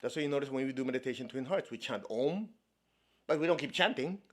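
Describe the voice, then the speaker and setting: With an animated, fast-talking delivery and a mid-range voice, this man from China teaches meditation through a spiritual talk. He keeps things conversational and playful, regularly checks on his listeners, and laughs often amid playful asides.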